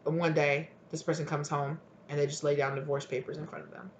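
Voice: medium pitch, little pitch movement, quick pace, highs cut off, a little hiss or hum. A tarot reader giving a solo reading to camera, rambling with many fillers and restarts and acting out both sides of imagined arguments. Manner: rambling, acts out dialogue of both partners.

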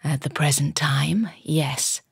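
A woman voicing a tall, weary gentleman with a drawling upper-class English accent, talking in a bored, soft, half-whispered way. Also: deep voice, fairly even intonation, vocal fry, husky, no echo, studio quality, full character voice. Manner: bored, unhurried. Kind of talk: audiobook character voice.

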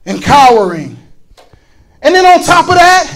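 Male preacher with a very high voice and a fiery, shouting delivery that stumbles over repeated words. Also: sing-song, a little slow, pauses often, low-quality recording. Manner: fervent, shouting, repeats words when worked up. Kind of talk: fiery sermon.

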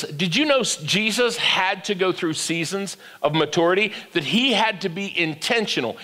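A man's voice: high voice, bright, forceful tone, in a large hall. An older man preaching a sermon as pastor, with call-and-response that climbs to emphatic peaks. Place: church sanctuary.

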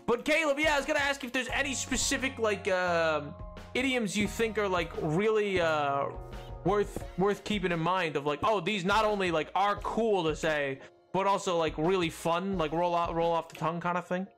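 A man's voice: high voice, moderate pace, fairly bright tone, faint music behind. A young man streaming a game, chatting casually, answering questions aloud and rambling playfully with lots of self-corrections. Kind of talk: casual livestream chat while gaming.

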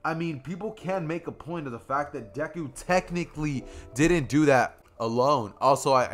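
A man's voice: mid-range voice, a bit bright. A young man narrating a fan story in a casual, rambling storytelling style with repetitive phrasing. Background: faint music.

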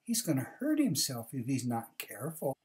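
A woman's voice: extremely low pitch, huge pitch swings, normal speed, a little mellow, heavily acted. A woman voicing a worried female sheep in a picture-book read-aloud.

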